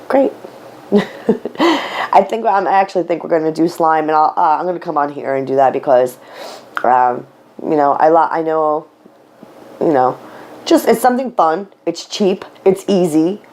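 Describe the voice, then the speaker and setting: A woman's voice: low voice, moderate pace, pauses often, a little mellow. A woman vlogging to camera at home as a stay-at-home mother, talking candidly and rambling with fillers and casual swearing, tearful at times. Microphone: camera mic.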